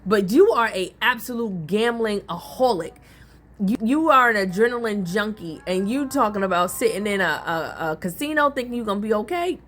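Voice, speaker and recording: A woman hosting a casual soap opera recap, talking in an animated, colloquial way with gossipy asides. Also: medium pitch, normal speed.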